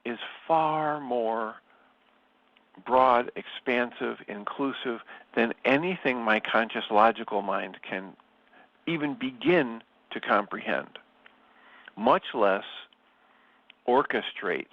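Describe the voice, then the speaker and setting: A man's voice: mid-range voice, dry recording. A man reads spiritual passages aloud and adds his own reflections, taking his time and weighing each phrase. His voice sits in an ordinary middle register. The recording is close and dry, with a slightly dull, lo-fi tone. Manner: slow, measured and thoughtful. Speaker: study group leader. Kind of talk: reflective reading and commentary.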